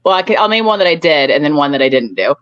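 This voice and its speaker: A woman's voice: low voice, animated, very fast, no room sound, dull audio. A young woman with a rural upstate New York accent, chatting as an interview guest and laughing often between sentences. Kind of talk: casual interview chat.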